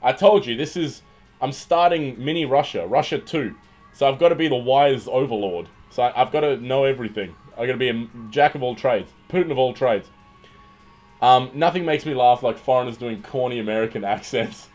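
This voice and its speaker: A young Australian man hosts a livestream, casually reading viewer comments, joking, and rambling with many restarts. His mid-range, darkish voice moves a little fast, and faint music plays behind him.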